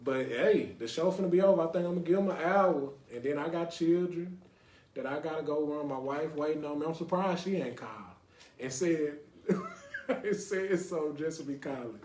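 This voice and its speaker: Man with a higher voice, talking loosely in an echoey room. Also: moderate pace, darkish tone. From Lake Highlands, North Dallas, Texas. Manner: loose and conversational, often asks "you know what I mean". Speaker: podcast host. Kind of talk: casual podcast talk with call-ins.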